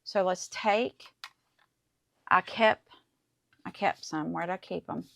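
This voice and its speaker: A woman's voice: on the low side, slow pace, gravelly, dry recording. A woman hosting a casual crafting tutorial, chatty and enthusiastic as she talks through each step. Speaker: crafting channel host.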